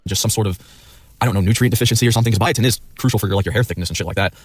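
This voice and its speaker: A man's voice: on the low side, very fast, breathy edge, dry recording. A man livestreaming, chatting casually in a rambling way, swearing often and acting out quoted replies. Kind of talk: casual rambling stream chat.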